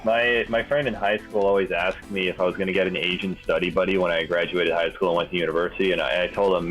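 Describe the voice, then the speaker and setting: A man telling crude jokes and quick stories in a casual voice chat. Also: sits low, steady tone, a bit bright, faint music behind, low-quality recording. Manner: crude, laughing, fast storytelling. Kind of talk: casual chat over voice call.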